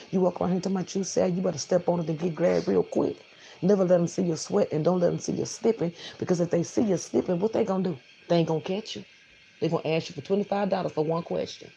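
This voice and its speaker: A woman's voice: lowish voice, creaky, mellow, a little hiss or hum. A woman, bluntly lecturing her viewers in a motivational rant and repeating lines for emphasis. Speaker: vlogger.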